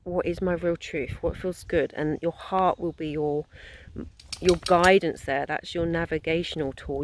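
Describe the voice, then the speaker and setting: A woman's voice: sits low, a little hiss or hum. A woman, a holistic therapist giving a conversational wellness talk that rambles and encourages, with many fillers and restarts.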